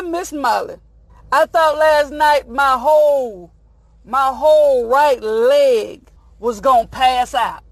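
High-voiced lady host telling a funny story, folksy, loud and animated, calls everyone honey. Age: adult, married. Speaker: show host. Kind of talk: lively comedic morning-show monologue.

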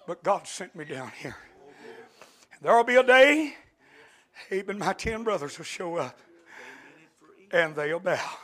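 A male preacher delivering an impassioned sermon, dropping to a hush and then shouting, with frequent amens. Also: high voice. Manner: impassioned, swings between hushed and shouting, peppered with amens. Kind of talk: Pentecostal-style sermon.

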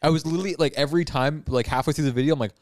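A man's voice: fairly high pitch, racing, dry recording, clean studio sound. A young man co-hosting a podcast, chatting casually, swearing often and laughing a lot. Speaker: podcast co-host.

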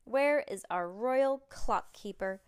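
A woman voicing a moody young girl with flat, deadpan remarks. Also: a little high, slow pace, smooth. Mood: announcing.

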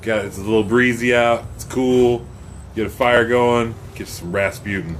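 A man's voice: medium pitch, steady tone, moderate pace, noisy background. Laid-back swearing man chatting. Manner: laid-back, profane, storytelling. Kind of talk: casual chat.

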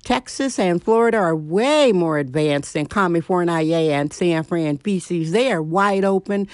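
A woman's voice: mid-range voice, darkish tone, no room sound, studio quality. A middle-aged woman hosting her own show, ranting bluntly and sarcastically at home. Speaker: podcast host. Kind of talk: opinionated solo monologue.

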